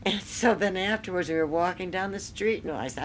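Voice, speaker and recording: An older woman in an archival interview, telling lively anecdotes and mimicking the people in them. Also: fairly low pitch, fairly quick, hardly any pauses, slight background noise. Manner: animated storytelling with laughs and mimicry. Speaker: radio writer, interviewee.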